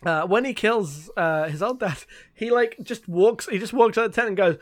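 A man in casual chat, excitable, laughing and getting loud while acting out scenes. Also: sits high, moderate pace. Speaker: podcast co-host.

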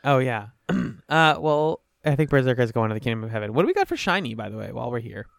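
Gravelly, dry-voiced man joking around. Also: medium pitch, big pitch swings, fast talker, no room sound. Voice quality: slight lisp. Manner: jokey, profane, reacts loudly. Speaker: podcast co-host. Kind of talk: casual chat.

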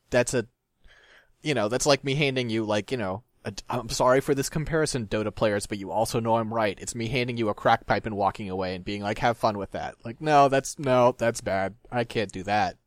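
A man's voice: medium pitch, brisk, dry recording, clean studio sound. A man hosting a podcast, chatting casually and joking, swearing now and then. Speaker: podcast host.

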